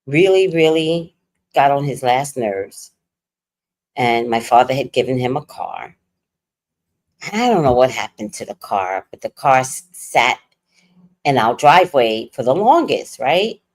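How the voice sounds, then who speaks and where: A woman, hosting her own stream and telling a family story in a blunt, slangy, animated way. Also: rumbling low, a little slow, pauses often. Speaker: livestream host. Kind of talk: casual storytelling chat.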